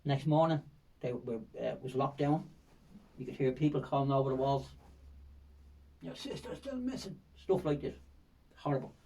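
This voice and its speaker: A man's voice: mid-range voice, fairly even intonation, moderate pace, mellow, recorded from a distance, low-quality recording. Older Dublin man telling rambling stories. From Ireland. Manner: rambling, vivid storytelling with frequent fillers and repetitions. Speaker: guest. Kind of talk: storytelling in a podcast interview.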